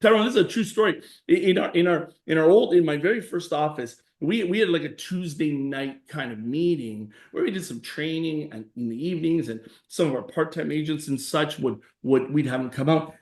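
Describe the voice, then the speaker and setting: A man's voice: fairly high pitch, echoey room. A man in his forties, a guest in a conversational interview, telling stories emphatically and acting out the voices of people he quotes. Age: 40s.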